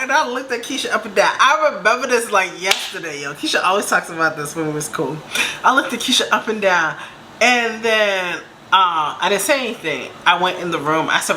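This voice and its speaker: Bright-voiced woman telling a wild story. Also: normal speed, a little hiss or hum. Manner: animated, laughing, acting out quotes in high voices. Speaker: storyteller vlogger. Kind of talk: casual storytime.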